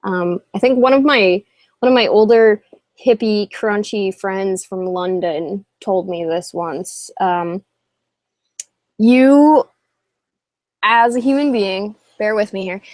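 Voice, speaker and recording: A woman's voice: medium pitch, darkish tone, dry recording. A woman co-hosts a casual podcast with a mid-range voice. She tells stories chattily and laughs often, recorded with a dry, close sound. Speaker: podcast co-host. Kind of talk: casual chat.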